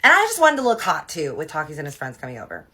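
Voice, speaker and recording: A woman's voice: low-pitched, huge pitch swings, fast talker, bright, forceful tone, husky. A young adult woman telling a personal story in a casual, gossipy, profane way.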